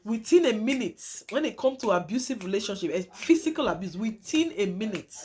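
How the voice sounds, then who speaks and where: A woman's voice: mid-range voice, animated, a little fast, a little mellow. A young woman telling a true story to her viewers, emphatic and dramatic, often repeating phrases and calling her audience "guys".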